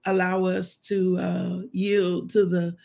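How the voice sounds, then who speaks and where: A woman hosts a live devotional. She is emotional and exclamatory, breaking into spoken prayer and shouts of praise. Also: lowish voice, little pitch movement, slow, gravelly. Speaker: devotional host.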